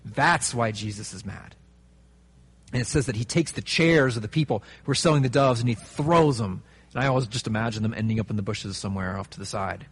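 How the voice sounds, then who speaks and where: A man preaching a sermon in a conversational, animated way, with fillers and asides. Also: on the low side, fairly quick, slightly rough. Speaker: pastor.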